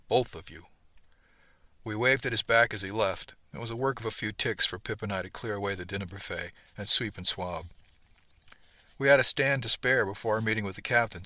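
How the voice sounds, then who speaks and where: A man reading a first-person story aloud, steady and conversational. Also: fairly low pitch, fairly quick, dry recording. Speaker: audiobook narrator. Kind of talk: first-person audiobook narration.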